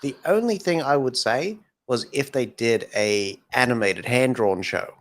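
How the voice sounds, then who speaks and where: Slow-talking man. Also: medium pitch, expressive. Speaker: podcast co-host. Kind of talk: casual chat.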